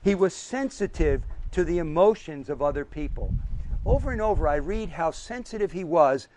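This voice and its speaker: A man's voice: on the high side, lively intonation, moderate pace, a little mellow, slight background noise, rough recording. A man preaching a sermon with emphasis, listing his points one by one and asking the audience questions.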